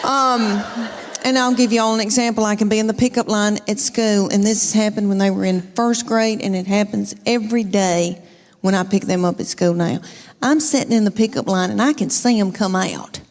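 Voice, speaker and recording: A woman's voice: medium pitch, normal speed. A woman with a Southern US accent doing a folksy, exasperated stand-up story about her family. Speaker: stand-up comedian. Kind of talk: stand-up routine.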